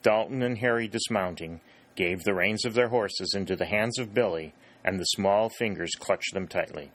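Low-voiced man narrating an audiobook. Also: moderate pace, fairly bright tone.

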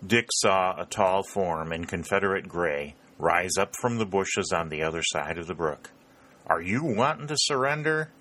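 Male audiobook narrator, low and bright-toned, steady delivery. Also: normal speed, hardly any pauses. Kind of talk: scripted narration.

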